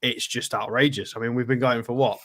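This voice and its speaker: Co-host, male: emphatic, excitable banter, ordinary mid-range voice. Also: medium pitch, fairly quick. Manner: enthusiastic, emphatic. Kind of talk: live stream chat.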